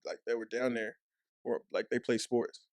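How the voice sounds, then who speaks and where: A young man with a Texas accent tells rambling stories, heavy on "like" and acted-out quotes. His voice sits at a middle pitch and swings up sharply when he imitates people. The sound is dry and close, with no room echo. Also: completely flat delivery, moderate pace, vocal fry, darkish tone. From Dallas, Texas. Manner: loose, profane storytelling full of "like" and acted-out quotes. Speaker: podcast guest, former football player. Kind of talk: casual chat.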